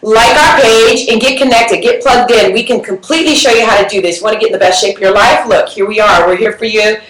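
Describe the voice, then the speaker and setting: A woman's voice: fairly high pitch, a bit bright, echoey room, rough recording. A woman who co-founded a women's group, speaking in upbeat, affirming casual livestream talk. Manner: upbeat, affirming, quick to agree.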